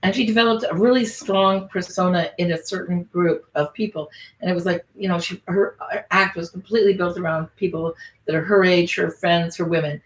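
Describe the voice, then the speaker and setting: A woman's voice: lowish voice, fairly even intonation, a little fast. Rambling, profane woman comedian host. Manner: rambling, profane, restarts sentences. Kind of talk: casual storytelling chat. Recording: echoey room.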